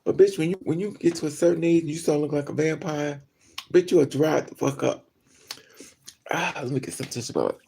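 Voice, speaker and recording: Woman vlogger, husky gravelly voice, profane and gossipy, animated storytelling. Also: low-pitched, brisk. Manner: animated, laughs often between remarks. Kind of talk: casual vlog monologue.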